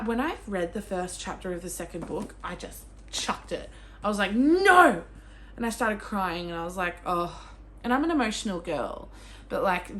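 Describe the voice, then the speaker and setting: A young Australian woman talking casually about books as a vlogger, gushing and excitable, with sudden squeals and swearing. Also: lowish voice, slight background noise. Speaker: book vlogger. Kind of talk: casual chat.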